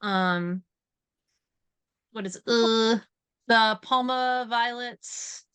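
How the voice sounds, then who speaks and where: A woman's voice: on the high side, extremely slow, clear, resonant tone. A woman from West Virginia chatting as a podcast guest, telling stories with frequent laughs. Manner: giggly, lively storytelling. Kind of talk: casual chat.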